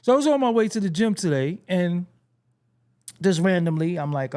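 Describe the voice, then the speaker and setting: A man's voice: sits high, animated, normal speed, a little mellow. A young American man hosting hip-hop commentary, ranting casually with profanity, restarts and laughs. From United States. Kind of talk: casual rant to camera.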